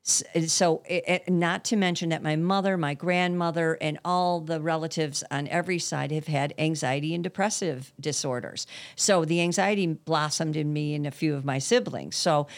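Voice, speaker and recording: A woman's voice: low-pitched, normal speed, hardly any pauses. A woman in her sixties in casual conversation, speaking candidly and earnestly about her family. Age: 60s. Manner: candid and earnest, sprinkles mild swearing.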